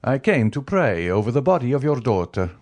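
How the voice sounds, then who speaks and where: A man voicing a cold, vengeful man returned from prison, speaking in a measured, solemn way. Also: medium pitch, big pitch swings, a little mellow, pitched above the performer's own voice, natural voice. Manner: measured, solemn, slow delivery.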